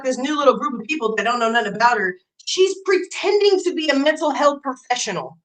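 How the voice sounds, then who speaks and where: Animated, high-pitched ranting woman streamer. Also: rough recording. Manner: profane, mocking, exasperated. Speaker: live streamer. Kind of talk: ranting commentary.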